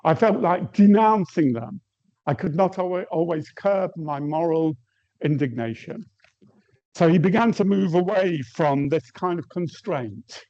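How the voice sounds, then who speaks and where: A man giving an academic lecture at a measured pace, reading quotations aloud and pausing with some hesitations. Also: on the high side, expressive, warm tone. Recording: muffled lo-fi recording.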